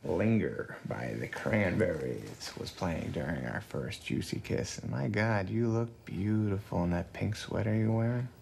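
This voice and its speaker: A flustered, bluffing husband. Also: male voice, sits low, animated, measured pace, vocal fry, few pauses, noisy background, full character voice. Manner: fumbling, bluffing, jokey. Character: flustered comedic husband, adult man. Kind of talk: comedy film dialogue. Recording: film clip with loud music score.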